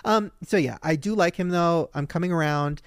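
A man's voice: fairly high pitch, normal speed, clean tone, no room sound, studio quality. A man co-hosting a podcast in casual, gossipy chat, often mimicking people as he tells stories. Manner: gossipy, animated, mimics people mid-story. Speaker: podcast co-host.

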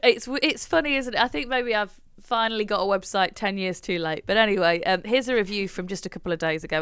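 A young woman co-hosts a podcast, chatting casually and telling stories with frequent laughter. She talks fast with hardly any pauses, in a medium-pitched, fairly bright, clean voice. The studio sound is clean, with no echo.

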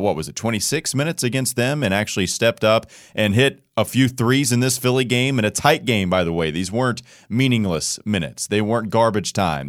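A man's voice: lowish voice, no room sound, clean studio sound. A man hosting a casual sports podcast, talking with energy as he runs through player minutes. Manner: energetic, stat-listing. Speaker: podcast host.

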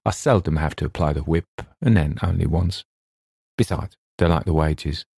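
A smug, softly menacing schemer speaks in a very low, gravelly voice, as a male narrator puts him on. His tone is dark and mellow, with a self-satisfied, coughing manner. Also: normal speed, no echo, clean studio sound, heavily acted. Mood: quietly menacing. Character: sly scheming older man, boastful and menacing. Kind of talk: audiobook character reading.

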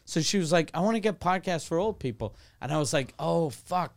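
A man's voice: a little high, lively intonation, fast. A man co-hosting a podcast in casual chat, telling rambling stories and swearing a lot. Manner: rambling storytelling, heavy swearing. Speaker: podcast co-host. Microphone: studio mic.

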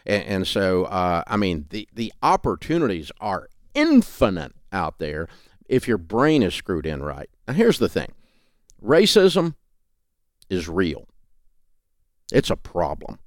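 A man's voice: deep voice, very animated, measured pace, dry recording, clean studio sound. A middle-aged man with a Tennessee Southern accent, talking in a folksy, emphatic way as an interview guest. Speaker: guest, radio talk host. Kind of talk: remote interview conversation. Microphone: remote call setup.

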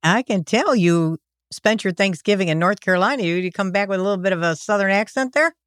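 A woman's voice: mid-range voice, fast talker, clear, resonant tone, no room sound, clean studio sound. A middle-aged woman co-hosting a casual chat with her son, teasing and mock-scolding. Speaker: co-host. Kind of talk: casual banter.

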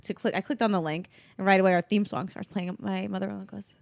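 A woman's voice: mid-range voice, fairly even intonation, fast talker, vocal fry, no room sound. A woman in her thirties co-hosting a podcast, telling stories in a chatty way and laughing often. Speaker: podcast co-host. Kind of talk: casual chat.

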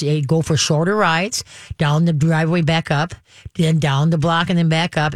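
With a low-pitched voice, a woman runs a call-in radio show where she advises on dog training, upbeat and practical, talking through each step and punctuating with "okay." It's studio quality, with no room sound.

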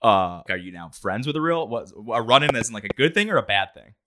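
A man's voice: mid-range voice, sing-song, fast, bright, forceful tone. A man co-hosting a podcast in casual chat, asking eager questions and swearing casually. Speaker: podcast co-host.

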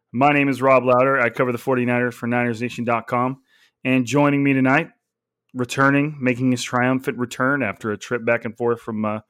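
A man in his thirties hosts a casual sports podcast and tells a loose, rambling story. His voice sits at an ordinary middle pitch and sounds close and dry, with no room around it. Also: no room sound. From California. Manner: relaxed storytelling with fillers and laughs. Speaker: podcast host.

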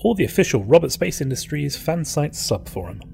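A man's voice: on the high side, very animated, brisk, gravelly, mellow. A man co-hosting a podcast, reading promos with dry, joking asides. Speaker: podcast co-host.

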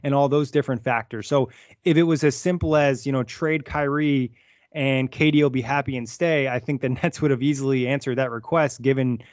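A man co-hosting a sports podcast, explaining his views in casual chat at a steady pace. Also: medium pitch, fairly quick, dry recording. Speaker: podcast co-host. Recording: dull lo-fi dry sound.

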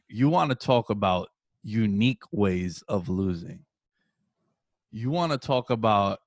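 A man in his early thirties hosting a casual sports chat, telling stories with animated energy, swearing and calling his co-host dude. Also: fairly low pitch, no echo, studio quality.

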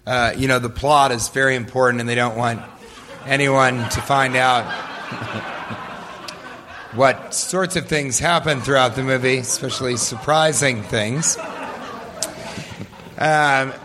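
A man's voice: mid-range voice, fairly even intonation, unhurried, long pauses. Man, casual comedic storyteller, joking, laughs a lot, faint background noise. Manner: loose, joking, laughs often. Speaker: comedian answering audience questions. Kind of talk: live audience Q&A storytelling.

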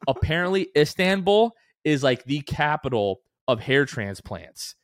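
Animated young man telling stories on a podcast. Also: measured pace, few pauses, dry recording, clean studio sound. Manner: animated storyteller, acts out quotes with big pitch jumps. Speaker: podcast co-host. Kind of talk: casual sports podcast chat.

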